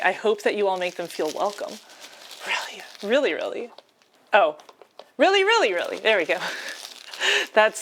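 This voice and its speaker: A woman live streamer chatting casually with her viewers while cooking, excitable and giggly, often laughing mid-sentence. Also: mid-range voice, slight background noise. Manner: chatty, addresses viewers as y'all and chat.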